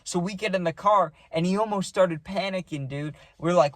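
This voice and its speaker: A man's voice: a little high, brisk, hardly any pauses, no room sound. A young man casually telling a rambling party story, full of slang and saying "dude" a lot.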